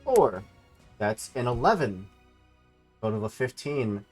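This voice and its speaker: A man's voice: mid-range voice, very animated, takes it slowly, darkish tone. Guy gm reading out dice results, plain mid voice, bit of music under it. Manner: matter-of-fact rules calls. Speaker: game master. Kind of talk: running a tabletop game.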